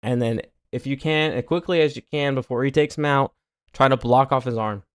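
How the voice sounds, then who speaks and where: A man streaming casual commentary as he reviews his own match footage, explaining each move step by step, muttering quietly on asides and turning loud and heated over his own mistakes. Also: brisk, smooth, dry recording, studio quality. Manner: drops to a low mutter on asides.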